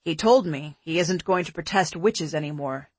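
A woman narrator voicing a calm, caring adult man in an audiobook, speaking steadily and methodically. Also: sits low, normal speed, slightly rough, no echo, voice pushed down. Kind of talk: audiobook character voice.

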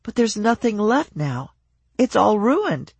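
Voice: medium pitch, animated, moderate pace, breathy edge, dry recording. A narrator voicing an upset young wife whose voice rises in hurt, pleading outbursts. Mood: tearful anger. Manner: rising, pleading, tearful outbursts.

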